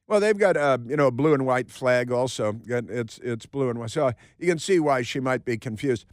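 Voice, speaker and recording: Hosting a talk radio show from a studio, a man delivers a sarcastic, mocking monologue full of repetition and asides. His mid-range voice has lively intonation and a moderate pace with few pauses. The studio-mic recording is dry.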